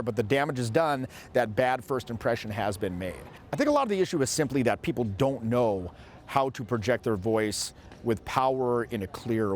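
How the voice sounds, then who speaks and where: A man's voice: mid-range voice, slight background noise. A man in his forties, a social skills coach, giving an emphatic instructional monologue and demonstrating vocal tones as he speaks.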